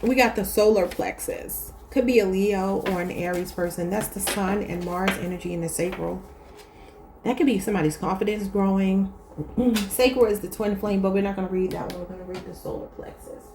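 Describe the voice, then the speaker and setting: A woman's voice: mid-range voice, fairly even intonation, brisk, darkish tone, a little hiss or hum. A woman with a Baltimore accent, giving a casual, chatty tarot reading and talking straight to her viewers. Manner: chatty, addresses viewers as y'all. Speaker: tarot reader.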